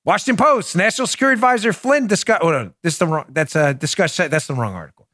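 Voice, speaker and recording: A man hosting a political podcast, talking in a sarcastic, mocking way with loud bursts and muttered asides. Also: fairly high pitch, sing-song, fairly quick, dry recording, studio quality. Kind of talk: opinionated solo commentary.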